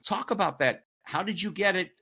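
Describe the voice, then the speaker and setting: A man in his seventies hosts a relaxed conversation. He asks long, meandering questions and often trails off into his own anecdotes. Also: sits high, a little fast, breathy edge. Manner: chatty, rambling questions with personal asides. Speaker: podcast host. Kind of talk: conversational interview.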